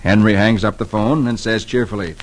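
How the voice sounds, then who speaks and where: A man's voice: lowish voice, a little fast, rough recording. A man hosting an old-time radio comic reading, telling the story in a playful, storytelling way. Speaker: host reading the Sunday comics.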